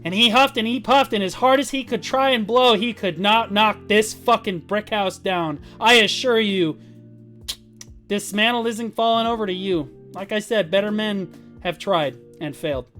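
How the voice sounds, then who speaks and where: A man's voice: high voice, moderate pace, bright, forceful tone, faint music behind. A man talking casually on a livestream as a guild leader, rambling and swearing as he tells boastful stories. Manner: profane, rambling, boastful storytelling.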